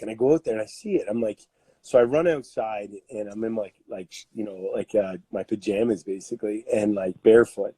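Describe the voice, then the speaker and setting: Canadian guy in his 30s, loose animated storyteller, husky, dry close mic. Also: on the low side, a little fast, dry recording. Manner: animated, laughing, full of fillers. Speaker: podcast guest, strength coach. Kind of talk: casual storytelling.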